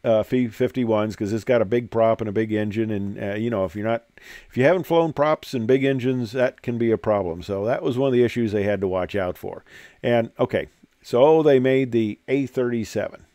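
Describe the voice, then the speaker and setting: A man's voice: medium pitch, fairly quick, mellow, no room sound, studio quality. An older man and former military pilot, telling rambling stories over slides with lots of fillers. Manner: rambling storyteller with many fillers. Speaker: retired military pilot giving a presentation. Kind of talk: anecdotal presentation over slides.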